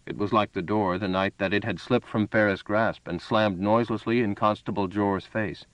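A man narrating a story in a steady, even reading voice. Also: fairly low pitch, normal speed, no room sound, low-quality recording. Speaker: audiobook narrator. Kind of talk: scripted narration.

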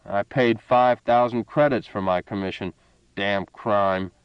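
A man's voice: lowish voice, unhurried, clear, resonant tone, no room sound, dull audio, close to an everyday voice. A man voicing a drunken, boastful older army colonel who talks in a slurred, blustering way.

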